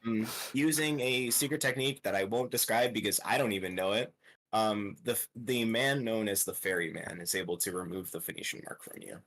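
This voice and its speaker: A young man narrating a tabletop game as game master, with many pauses and fillers. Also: on the low side, a bit bright. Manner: hesitant, lots of ums, slow descriptive pacing.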